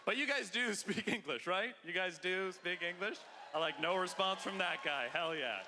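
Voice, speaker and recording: A man in his thirties from Canada performing a loud, excitable stand-up comedy set with mock bravado. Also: high voice, normal speed, slight background noise. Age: 30s. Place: large theater stage. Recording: live stage audio with long hall reverb.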